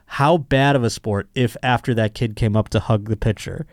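A man's voice: mid-range voice, moderate pace, dry recording, studio quality. A man hosting a podcast, telling stories in a crude, joking way and slipping into mocking voices. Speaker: podcast host. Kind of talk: casual comedic monologue.

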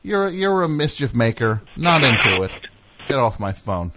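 A man's voice: mid-range voice, sing-song, normal speed, very noisy. A man hosting a radio show, bantering in a sarcastic, combative way with guests and callers. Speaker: host.

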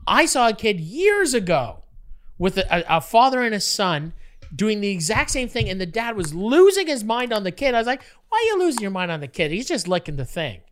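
A congested man in his thirties banters on a casual podcast. His voice swings widely in pitch as he rambles through stories, and now and then it jumps into a high yelp. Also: brisk. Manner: rambling, animated storytelling with sudden high yelps. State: congested from a cold. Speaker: podcast co-host.

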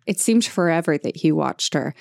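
Giggly young woman with a lively low voice. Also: normal speed, creaky, no echo. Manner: giggly, expressive, swears freely. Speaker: podcast co-host reading a book aloud. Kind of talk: casual chat and dramatic reading.

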